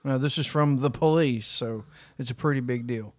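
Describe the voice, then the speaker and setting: A man's voice: mid-range voice, moderate pace, dry recording, studio quality. A man co-hosting a casual podcast, making wry, crude remarks and reading news items. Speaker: podcast co-host.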